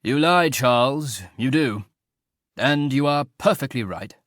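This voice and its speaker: A man's voice: mid-range voice, big pitch swings, a little fast, a bit bright, dry recording, clean studio sound. A man reading an audiobook voices an idle, teasingly ironic aristocratic marquis who talks in a mock-mournful drawl.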